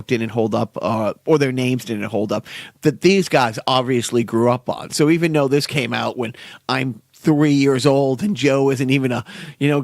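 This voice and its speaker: A man's voice: medium pitch, vocal fry, no room sound, clean studio sound. A middle-aged man co-hosting a podcast, chatting casually and animatedly, laughing often. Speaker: podcast co-host. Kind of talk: casual chat.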